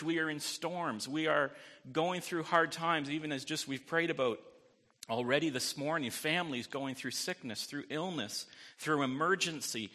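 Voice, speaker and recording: A man's voice: medium pitch, sharp tone, big-room sound. A man preaching a sermon as pastor, in a conversational way, often asking "right?" and adding light jokes.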